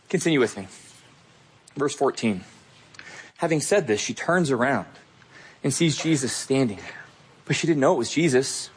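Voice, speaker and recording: A man's voice: mid-range voice, animated, moderate pace, slightly rough. A young adult man preaching a sermon as pastor, earnest and emphatic, speaking straight to his listeners.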